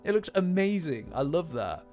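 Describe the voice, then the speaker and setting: A man hosting a casual chat about an anime episode. He talks in an excitable way, laughs often, and keeps repeating and restarting his words. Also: a little high, moderate pace. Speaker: anime reaction host. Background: faint background music.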